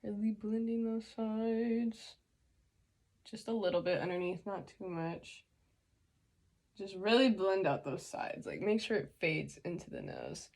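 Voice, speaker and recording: A woman's voice: medium pitch, big pitch swings, a little slow, creaky, darkish tone. A young woman hosting a casual makeup tutorial, chatty and joking as she explains each step.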